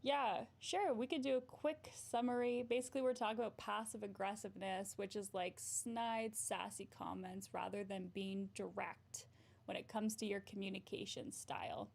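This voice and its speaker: A woman's voice: mid-range voice, fairly even intonation, moderate pace, gravelly, a little mellow. A woman therapist hosting a casual livestream, chatting in a bubbly way, often giggling and answering her viewers' comments.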